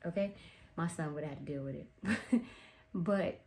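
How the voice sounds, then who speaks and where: Woman recapping a true crime movie, low voice, chatty and wry, throws in little asides. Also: measured pace, gravelly, darkish tone. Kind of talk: casual storytelling recap.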